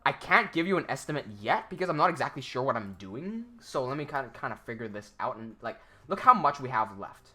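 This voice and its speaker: In a bright, forceful mid-range voice with big pitch swings, this animation livestream host talks fairly quickly with hardly any pauses. He casually rambles through viewer comments, laughing often and filling his speech with fillers and restarts.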